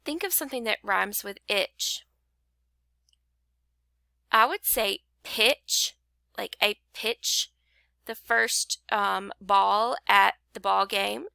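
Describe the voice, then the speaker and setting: A woman's voice: mid-range voice, gravelly, bright, forceful tone, smooth, no room sound. A woman teaching a phonics lesson, patiently sounding out rhymes and syllables for young learners. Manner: slow, patient, clapping out syllables.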